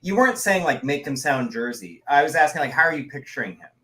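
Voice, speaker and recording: A man co-hosting a casual podcast, an artist telling stories with lively quoted voices. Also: a little high, quick pace. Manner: animated storytelling with quoted voices. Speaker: podcast co-host, comic artist. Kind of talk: casual chat.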